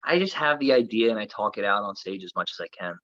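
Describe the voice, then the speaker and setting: A man's voice: lowish voice, sing-song, fast talker, fairly bright tone, no echo, dull audio. A man from Florida, a comedian guest chatting casually in a podcast interview, rambling with lots of filler words. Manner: rambling, filler-heavy talk.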